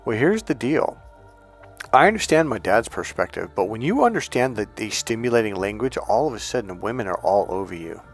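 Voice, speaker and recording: A man giving casual dating advice as a coach, telling lively stories and acting out the people in them, blunt and a bit crude. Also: lowish voice, brisk, breathy edge, faint music behind. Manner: animated storyteller who acts out the people he quotes. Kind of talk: casual motivational monologue.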